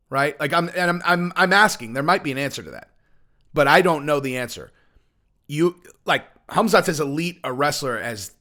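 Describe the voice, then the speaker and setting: This middle-aged man, who hosts a channel as an MMA commentator, has a slightly high, fairly bright voice. He rants casually about fighting sports in a brash, profane way, rambling and using lots of fillers.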